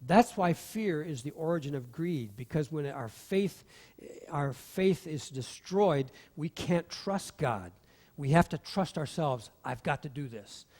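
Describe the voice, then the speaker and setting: A man preaching a sermon as pastor, animated, acting out the voices in the stories he tells. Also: a little high, measured pace. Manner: animated, acts out voices in quotes. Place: church sanctuary. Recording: long hall reverb.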